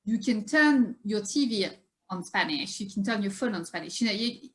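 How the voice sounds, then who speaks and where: Brief: woman guest, chatty storyteller, mid-pitched, laughs easily. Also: lively intonation, normal speed, a bit bright. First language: French. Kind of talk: casual conversation.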